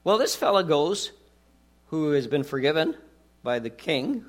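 A man's voice: on the high side, sing-song, unhurried. A man preaching a sermon as pastor, talking conversationally with rhetorical questions and jokes.

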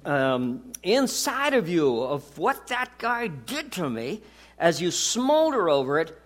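A man's voice: sits high, fairly bright tone. A man preaching a sermon as pastor, talking conversationally with rhetorical questions and jokes.

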